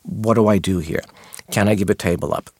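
A man's voice: deep voice, brisk, darkish tone, husky. A man guest on a radio interview, a maitre d' who tells candid stories from the dining room and acts out exchanges with customers.

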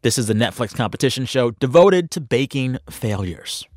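A man's voice: medium pitch, lively intonation, moderate pace, no room sound. Man reading a dry studio introduction. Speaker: radio host. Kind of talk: scripted show introduction.

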